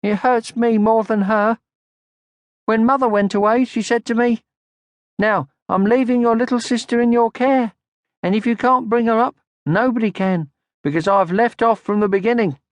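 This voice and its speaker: A man voicing a bossy, conceited older creature sister in an audiobook, who yells shrilly. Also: very high voice, normal speed, dry recording, voice pushed up. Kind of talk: audiobook character voice.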